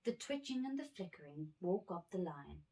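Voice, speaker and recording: A woman reading children's animal stories aloud at bedtime, gentle with small slips. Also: lowish voice, very animated, moderate pace.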